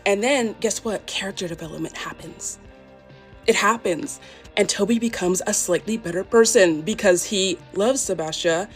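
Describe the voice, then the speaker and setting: A woman's voice: medium pitch, normal speed, faint music behind. A young woman writer ranting in a casual phone vlog, exasperated and emphatic, repeating her points. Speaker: fan fiction writer. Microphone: phone selfie.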